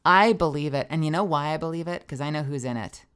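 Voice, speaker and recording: A woman's voice: low-pitched, fast talker, a bit bright, clean tone. A young woman streamer with a tired, strained voice, chatting animatedly, laughing and swearing freely. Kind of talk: casual stream outro chat.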